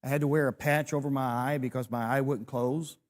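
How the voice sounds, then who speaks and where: A man's voice: medium pitch, fairly even intonation, fairly quick. A man in his sixties, a preacher, teaching a church class, telling a personal story with self-deprecating humor.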